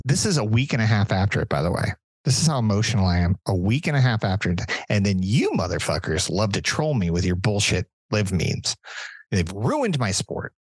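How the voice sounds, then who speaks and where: A man on a podcast mic, delivering an angry, profanity-filled rant. His fairly low voice is husky, and his pitch swings widely as he gets worked up. The sound is dry and close. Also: no room sound, poor audio. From Southern California. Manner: angry, profane, animated ranting. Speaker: podcast co-host.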